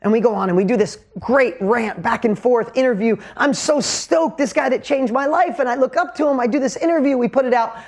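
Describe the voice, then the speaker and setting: A motivational coach in his fifties tells a business story with energy and emphasis, his pitch swinging widely to drive points home. He speaks briskly with few pauses.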